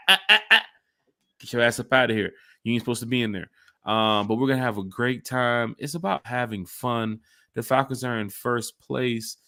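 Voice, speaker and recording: A man hosting a casual sports podcast, talking in an animated way that jumps between hype and jokes. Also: medium pitch, dry recording, studio quality. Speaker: podcast host.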